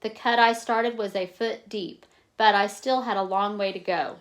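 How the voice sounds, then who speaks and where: A woman reading a novel aloud in a plain, steady way, stopping now and then to explain in casual asides. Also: medium pitch, normal speed. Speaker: reader.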